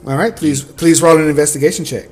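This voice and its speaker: A man's voice: fairly high pitch, noisy background. A man running a tabletop game as game master, narrating in a rambling way full of fillers.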